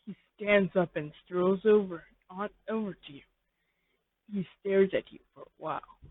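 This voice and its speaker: A narrator reading a fan fiction story in slow, rambling second-person narration. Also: mid-range voice, a little hiss or hum. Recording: tinny phone-like dry sound.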